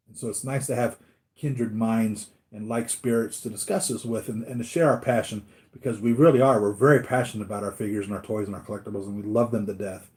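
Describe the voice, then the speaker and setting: On his collectibles channel, a man from the United States chats casually on a live stream, wandering off topic and doing the voices of others in his stories. He speaks a little fast in a lowish, slightly mellow voice with fairly even intonation.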